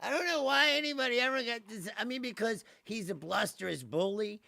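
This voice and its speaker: A man's voice: extremely high pitch, expressive, brisk, vocal fry, bright, forceful tone, no room sound. A man hosting a livestream, ranting casually with profanity and frequent laughter, mocking people in impressions. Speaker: livestream host. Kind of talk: casual ranting political monologue.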